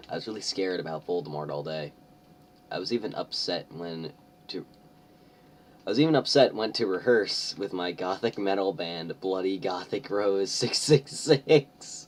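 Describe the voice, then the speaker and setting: A man's voice: sits low, expressive, measured pace, long pauses, recorded from a distance, slight background noise. A young man doing a comedic reading of a story, sarcastic and mocking, often laughing. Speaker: host.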